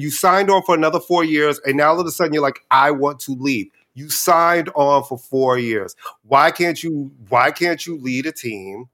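A man co-hosting a podcast, chatting casually and ranting in a campy, animated way. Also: a little high. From New York. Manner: animated, campy, rants about sports. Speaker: podcast co-host. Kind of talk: casual chat.

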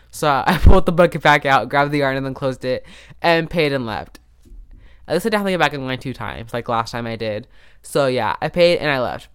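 Recorded on a podcast microphone, this male host has a medium-pitched, a bit bright, clean-toned voice. His storytelling is casual and rambling, and he keeps cutting himself off to restart or go off on asides.

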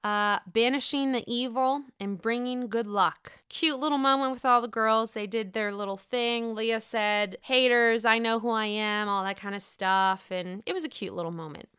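A woman's voice: on the high side, normal speed, hardly any pauses, fairly bright tone, smooth, dry recording, studio quality. A young woman hosting a casual podcast, recapping a reality show in a chatty, gossipy way and swearing freely. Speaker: podcast host.

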